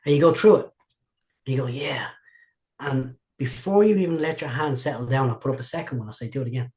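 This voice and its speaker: A man's voice: medium pitch, animated, quick pace, a little mellow. A man, a martial arts instructor telling long, rambling stories in a casual interview, often repeating and restarting his words.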